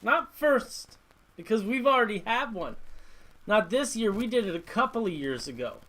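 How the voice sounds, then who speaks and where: A man's voice: high voice, big pitch swings, normal speed, a bit bright, rough recording. A man hosting a casual live stream from his hobby workshop, chatting in a rambling way and reading out viewer comments. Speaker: host of a live model-building stream.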